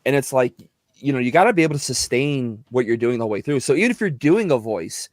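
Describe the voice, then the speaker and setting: Animated voice-actor guest, dry sound. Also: male voice, mid-range voice, fast, dry recording. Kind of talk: casual podcast chat.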